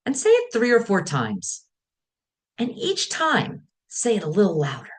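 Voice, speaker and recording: A woman speaking as a wellness teacher, guiding listeners calmly in short, measured phrases. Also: medium pitch. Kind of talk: guided teaching talk.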